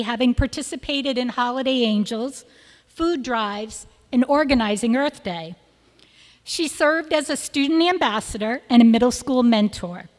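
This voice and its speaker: A woman reading prepared tributes to graduating students at a school ceremony, in a measured, list-like delivery of praise. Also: sits high. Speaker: school speaker presenting seniors. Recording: long reverb of a large hall.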